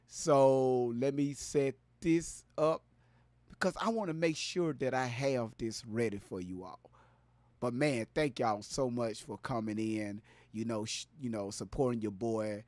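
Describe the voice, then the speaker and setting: A man hosting a casual live stream, loud and playful, hyping up his viewers and greeting them by name. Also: mid-range voice, measured pace, no room sound.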